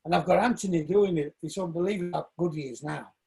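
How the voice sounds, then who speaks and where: Man in his 60s, gravelly husky voice, fairly high for a guy, tells stories and does the voices. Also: fast talker, low-quality recording. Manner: animated storyteller, acts out quoted voices. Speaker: shoemaker and dance coach. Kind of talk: casual interview talk.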